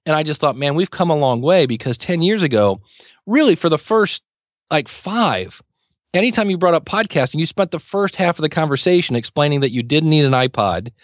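A man's voice: on the high side, expressive, brisk, no echo. Chatty man telling podcast stories. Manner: chatty storyteller, acts out quoted exchanges. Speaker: podcast guest, podcasting teacher. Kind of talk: casual interview talk.

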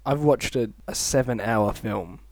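A young man co-hosting a casual podcast, talking in a relaxed way and letting sentences trail off. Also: medium pitch, measured pace, no echo. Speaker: podcast co-host. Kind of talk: casual chat.

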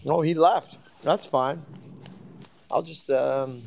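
A man's voice: fairly high pitch, fairly even intonation, very slow, gravelly, pauses often, a little mellow, a little hiss or hum. A young man hosting a live audio chat room, rambling casually, swearing constantly and teasing a sleeping friend. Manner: profane, teasing, laughing fits.

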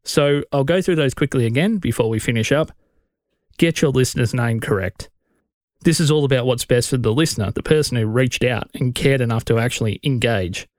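A man's voice: medium pitch, brisk, darkish tone, dry recording, clean studio sound. An Australian man hosting a solo podcast, giving blunt, conversational advice in an opinionated way. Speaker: podcast host.

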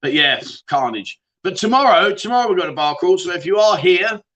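A man's voice: sits high, lively intonation, brisk, fairly bright tone, muffled recording. A middle-aged man hosting a casual livestream, greeting viewers by name and chatting in a jokey, matey way. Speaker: livestream host. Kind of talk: casual livestream chat reading viewer comments.

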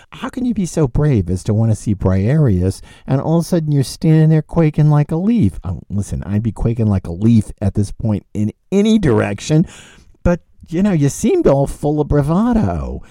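A male lecturer speaks in a very dark, mellow voice. His pitch swings widely as he fires off rhetorical questions and repeats phrases for emphasis. The recording is dry and close, with no room sound. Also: no echo. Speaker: literature lecturer.

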